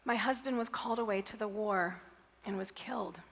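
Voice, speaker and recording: A woman voicing a grieving young mother who works as a checkout clerk, speaking softly and nearly whispering. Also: medium pitch, a little fast, vocal fry. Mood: sad. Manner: soft, hushed, near whisper.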